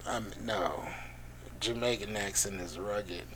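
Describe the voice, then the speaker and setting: A man co-hosting a podcast, in casual chat, playful and quick to laugh while ribbing the others. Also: on the low side, fairly bright tone, a little hiss or hum, low-quality recording.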